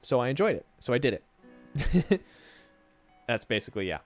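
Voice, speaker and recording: Male streamer, mid-pitched, casual teaching chat to viewers, light guitar bed. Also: sing-song, unhurried. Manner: thinks aloud, answers chat questions, keeps checking with "right?". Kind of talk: casual livestream talk to chat.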